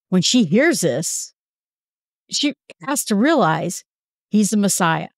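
A woman's voice: mid-range voice, sing-song, slow, pauses often, dry recording. Woman Bible teacher, casual and conversational, dry recording. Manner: conversational, quotes figures in everyday speech.

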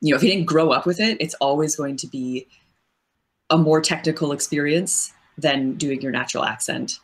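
A woman's voice: low voice, moderate pace. A woman voice actress as an interview guest, explaining her craft at length in a thoughtful, casual way with frequent fillers.

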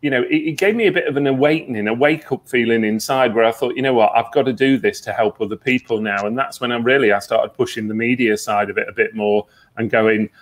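A man, a psychic medium guest, telling stories earnestly in a relaxed interview, with many fillers. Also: medium pitch, quick pace. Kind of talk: conversational interview.

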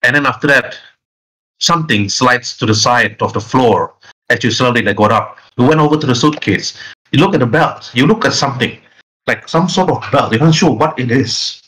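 A man's voice: medium pitch, moderate pace, pushed and bright, poor audio. A man narrating a tabletop role-playing game as game master, in long, rambling run-on sentences.

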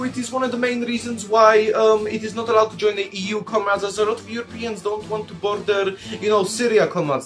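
A man's voice: high-pitched, a bit bright. A young man hosting a comedic country review, rambling and jokey, calling his audience comrades. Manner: calls the audience "comrades" constantly; rambling, jokey, playfully crude. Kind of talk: comedic commentary over maps.

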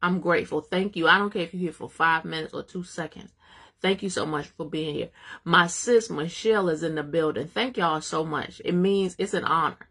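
A woman leads a live-streamed Bible study, exhorting her viewers and greeting them by name. Her voice sits fairly low, with a gravelly, husky edge. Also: moderate pace, fairly bright tone.

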